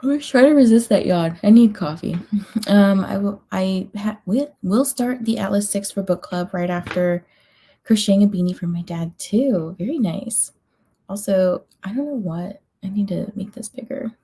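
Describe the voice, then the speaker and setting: A woman's voice: mid-range voice, a little slow, mellow, husky. A woman hosting a livestream, chatting casually and reading out viewer comments, sleepy and yawning, with many ums and little laughs. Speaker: livestream host of reading sprints.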